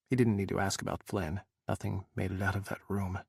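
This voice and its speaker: A man narrating an audiobook, with slow, dramatic emphasis on emotional passages. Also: low voice, fairly even intonation, gravelly, a little mellow, slightly rough, dry recording, clean studio sound.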